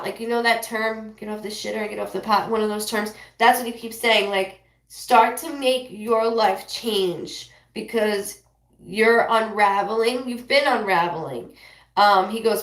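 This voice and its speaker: A woman doing a live psychic reading who rambles, apologizes often and passes on messages in quick bursts. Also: mid-range voice, fairly even intonation, roomy sound. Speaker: psychic medium.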